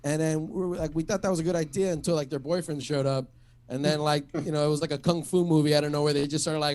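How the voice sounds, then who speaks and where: A man with a fairly high voice works through a stand-up set. He rambles, swears freely and stumbles over restarts and a steady stream of fillers. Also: fast. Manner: rambling, profane, lots of "like" and restarts. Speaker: stand-up comic. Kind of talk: stand-up set at an online open mic.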